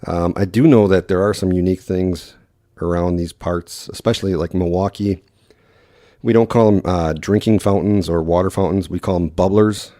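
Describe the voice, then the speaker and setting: Low-voiced Wisconsin man, rambling podcast. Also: fairly even intonation, warm tone, no room sound, clean studio sound. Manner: quick, rambling talk with many fillers. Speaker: podcast host. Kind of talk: casual solo podcast.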